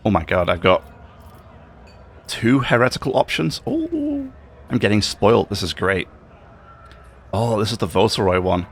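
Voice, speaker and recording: A man's voice: on the low side, big pitch swings, a little slow, long pauses, breathy edge. A man giving casual gameplay commentary, thinking aloud with fillers and stumbles. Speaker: let's play gamer.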